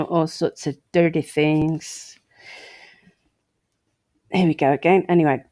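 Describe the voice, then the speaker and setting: A woman's voice: lowish voice, a little mellow, no room sound. A woman hosting her own show, reading an article aloud and breaking off for sarcastic asides. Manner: sarcastic asides between read passages. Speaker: host.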